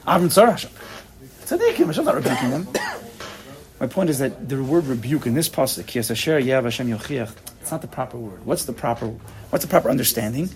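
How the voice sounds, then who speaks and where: A man's voice: mid-range voice, fast talker, crowd noise. Guy giving a casual torah class, voice jumps up and down a lot, acts out little back-and-forths. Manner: animated, acts out little dialogues, frequent repeats.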